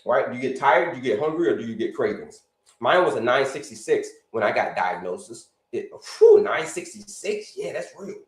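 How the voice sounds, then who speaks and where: Man, live health talk host, lively up-and-down voice, echoey room, chatty and repetitive. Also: mid-range voice, brisk. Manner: repetitive, addresses listeners as folks, asks them to put answers in the chat. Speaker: health coach hosting a live show. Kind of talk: casual live-stream talk.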